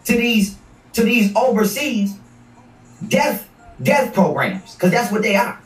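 A man's voice: high voice, sing-song, takes it slowly. A man hosting a livestream, ranting in a combative, profane way and repeating words as he hammers his points. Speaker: livestream host. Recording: echoey room, distant mic.

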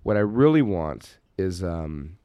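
A man co-hosting a podcast in casual chat, excitable and profane. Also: sits low, slow pace, dry recording, lo-fi sound. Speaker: podcast co-host.

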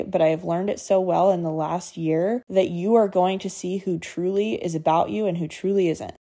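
A woman's voice: medium pitch, warm tone. A woman in her twenties hosting a solo podcast, speaking in an earnest, heartfelt and frank way with some casual swearing. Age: 20s. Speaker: podcast host. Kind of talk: candid solo podcast talk.

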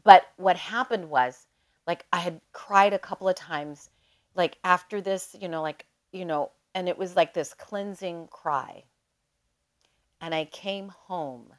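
A woman guest on a podcast, telling a personal story in a casual, animated way and leaning often on "like". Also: on the low side, unhurried. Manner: animated, emotional storyteller who leans on "like".

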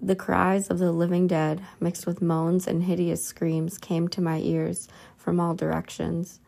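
Woman reading a religious book aloud, halting and careful, gravelly voice, flat delivery. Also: lowish voice. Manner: slow, halting reading with stumbles and restarts. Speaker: reader.

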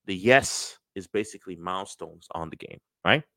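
A middle-aged man giving a casual motivational talk on sales and business, lively and acting out quoted voices. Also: deep voice, normal speed, no echo. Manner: animated, acts out quoted voices.

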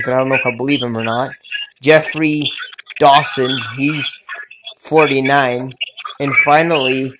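A man's voice: medium pitch, heavy background noise. A man with a Southern US accent hosting a casual phone-in chat show, easygoing and drawling. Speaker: podcast host.

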